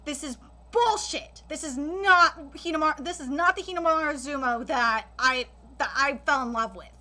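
High, bright-voiced woman ranting. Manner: frequent swearing, halting restarts; exasperated and emphatic. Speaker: anime reaction host. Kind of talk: live reaction and critique.

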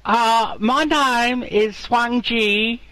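A man's voice: very high-pitched, very slow, bright, forceful tone, no echo, voice pushed up, full character voice, rough recording. A man voicing a young male gold-farmer character in broken English, with a mock Chinese accent, as a comedy podcast bit. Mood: playful.

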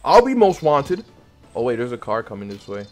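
A man chatting playfully with teammates during an online shooter, teasing and swinging between loud excitement and low mumbling. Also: fairly quick, faint music behind. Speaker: gamer streaming with random teammates. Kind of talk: casual game commentary to teammates.

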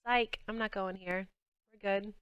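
A woman's voice: mid-range voice, fairly even intonation, unhurried, a bit bright, smooth, no room sound, dull audio. A young woman with a Southern US accent hosting a game livestream, chatting casually and bubbly with viewers as she plays. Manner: chatty, bubbly, talks to chat while playing. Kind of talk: casual game stream chat.

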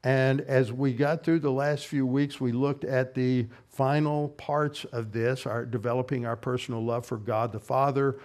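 A man preaching an expository sermon, methodically explaining verses and Greek grammar and slowing down to stress key words. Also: mid-range voice, steady tone, darkish tone. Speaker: pastor. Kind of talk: expository Bible teaching sermon.

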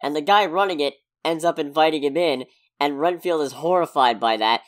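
Podcast co-host, casual chat, dry asides, lots of swearing, mid pitch. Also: fairly quick. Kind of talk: casual movie review chat.

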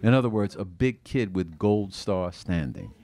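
Low-voiced man reading his own book. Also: normal speed. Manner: expressive, acting out the quoted voices. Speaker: author. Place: bookstore reading event.

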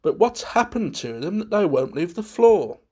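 A man's voice: high-pitched, sing-song, moderate pace, a little mellow, slightly rough, voice pushed up, heavily acted. A man voicing a doubtful, frightened butler who speaks hesitantly.

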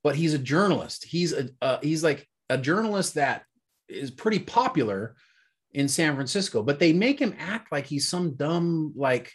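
Husky man rambling through a movie review. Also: fairly high pitch, lively intonation, moderate pace. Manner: rambling, searching for words with many fillers. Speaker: podcast co-host. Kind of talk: casual movie review chat.

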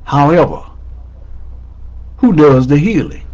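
A man's voice: on the high side, wildly swooping pitch, slow, darkish tone, highs cut off. A man preaching a sermon as pastor, repeating his key lines with rising emphasis. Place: church sanctuary.

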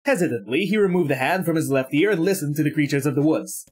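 A man who makes gaming videos, reading a game's text aloud with animated, exclamatory reactions. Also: a little high, fast, slightly rough.

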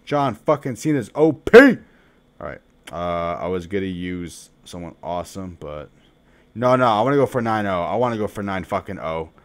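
A man's voice: sits low, animated, normal speed. Foul-mouthed young male game streamer. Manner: profane, trash-talking, swinging from mumbles to shouts. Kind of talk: live gameplay commentary.

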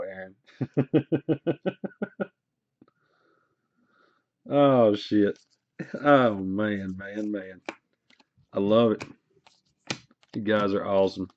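A man hosting a card break stream, chatting casually and teasing viewers in a joking storytelling way. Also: lowish voice. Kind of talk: casual livestream chat. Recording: dull, slightly noisy stream audio.

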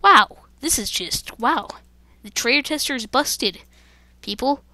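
A woman's voice: a little high, normal speed, sharp tone, no room sound. A woman hosting a let's-play gaming video, commenting to her viewers with jumpy, dramatic exclamations. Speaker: gaming channel host.

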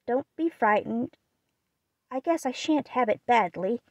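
A woman voicing a gentle, shy young girl in an audiobook reading, speaking softly and earnestly. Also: a little high, lively intonation, a little slow, no echo, highs cut off, voice pushed up. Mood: sad. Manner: soft, quiet, earnest.

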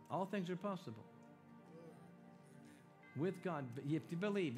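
An evangelist leads a healing meeting in a church sanctuary, preaching in a folksy, exhorting style and calling out to a crowd that responds back, while worship music plays. His voice is on the high side with big pitch swings and a darkish tone, and he keeps a measured pace with frequent pauses.

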